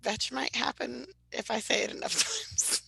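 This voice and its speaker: A woman co-hosting a podcast in casual chat, animated and loud, laughing often. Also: on the high side, moderate pace, gravelly, breathy edge, no echo, low-quality recording. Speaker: podcast co-host.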